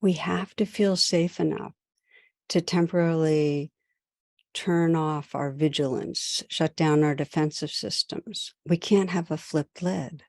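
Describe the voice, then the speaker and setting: A woman meditation teacher and podcast host giving a recorded talk in gentle, measured short phrases with pauses. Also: deep voice, steady tone, dry recording, studio quality.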